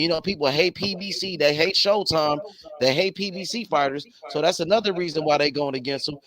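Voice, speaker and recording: A man's voice: fairly high pitch, a bit bright. A man in casual chat, emphatic, slangy and profane.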